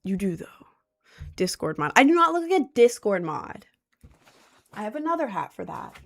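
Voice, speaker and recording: A woman's voice: a little high, very animated, moderate pace, gravelly. Young woman streamer, casual chat, rambling and self-mocking.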